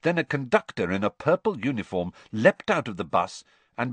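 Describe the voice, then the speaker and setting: A man narrating an audiobook in an expressive storytelling manner. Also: medium pitch, moderate pace, slightly rough, no echo.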